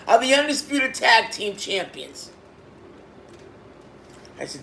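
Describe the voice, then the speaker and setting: Man, high lively voice, slow unhurried delivery, excitable, casual review, faint background hiss. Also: creaky. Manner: excitable, repeats himself, bursts into exclamations. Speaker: wrestling show reviewer.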